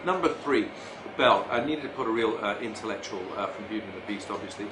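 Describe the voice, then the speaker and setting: A man giving a mock-serious comic ranking in a dry, deadpan way, hesitating with fillers. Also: lowish voice, fast. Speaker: celebrity guest. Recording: echoey room with loud noise.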